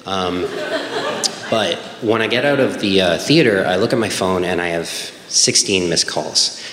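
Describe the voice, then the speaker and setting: A young man with a deep, slightly bright voice shares a personal story on stage. He's wry and conversational, leaning heavily on "like" and "um," and the roomy hall carries faint room noise.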